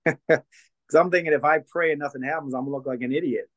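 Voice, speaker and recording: A man, a guest in a conversation, telling a personal story in a lively way and acting out the dialogue of the people in it. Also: fairly high pitch, moderate pace, no echo, poor audio. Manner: lively storyteller who acts out quoted dialogue. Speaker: guest, deliverance minister and former counselor. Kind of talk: storytelling testimony in casual conversation.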